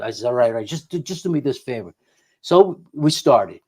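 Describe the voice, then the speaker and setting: A middle-aged man telling a story of his own past as a radio guest. His voice sits at an ordinary male pitch, and he wanders through the tale with many restarts, repeated words and quoted lines of what people said. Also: animated, brisk, darkish tone, breathy edge. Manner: rambling, full of restarts and quoted dialogue. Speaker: guest investigator of the unexplained.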